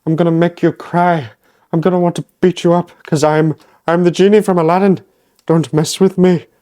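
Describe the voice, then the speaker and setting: A manic comedian, as a young man does him makes hammy, mock-threatening boasts in a raised voice. The tone is mellow and oddly flat. It sounds a little farther from the mic, with faint music behind. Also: fairly high pitch, normal speed, voice pushed up, lightly acted.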